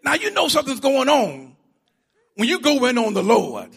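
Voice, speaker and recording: High raspy-voiced preacher. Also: male voice, wildly swooping pitch, moderate pace. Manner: rousing, swings from hushed to shouting, half-sung lines. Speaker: pastor. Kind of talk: sermon.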